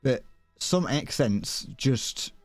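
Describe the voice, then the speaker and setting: A man's voice: medium pitch, expressive, extremely slow, dry recording, faint music behind. Young british guy streaming, rambly and self-deprecating, voice jumps around a lot, dry close sound. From Britain. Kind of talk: casual chat while gaming live.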